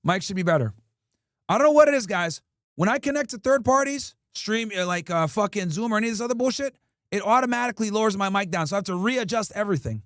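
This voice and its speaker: High-voiced profane male streamer. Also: lively intonation, fast talker, dry recording, studio quality. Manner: profane, ranting, talks back to chat. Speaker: streamer host. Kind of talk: casual livestream talk.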